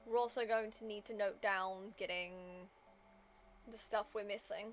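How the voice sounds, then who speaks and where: A woman's voice: medium pitch, fairly even intonation, normal speed, a little hiss or hum. A woman game streamer chatting casually to her viewers, rambling with lots of fillers.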